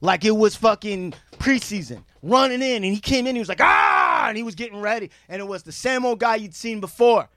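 A man co-hosting a podcast, telling a story in a brash, profane, animated way. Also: high-pitched, brisk, hardly any pauses, no room sound, studio quality. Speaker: podcast co-host. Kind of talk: casual storytelling chat.

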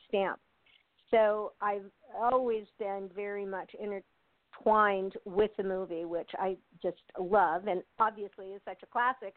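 A woman's voice: mid-range voice, dry recording. Older woman, interview guest, chatty, laughs a lot, phone-line sound, dry. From United States. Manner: chatty, laughs often, many fillers and restarts. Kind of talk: casual interview chat.

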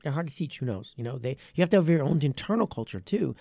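Animated gravelly-voiced male martial arts coach. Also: fairly high pitch, fast talker, no room sound. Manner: animated, with many restarts and stressed phrases. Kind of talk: casual podcast conversation.

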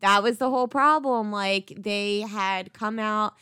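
A woman's voice: mid-range voice, a little slow, bright, forceful tone, smooth, no echo, clean studio sound. A woman in her thirties co-hosting a casual podcast, talking in a loose, chatty way full of "like" and the odd swear. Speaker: podcast co-host. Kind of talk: casual chat.

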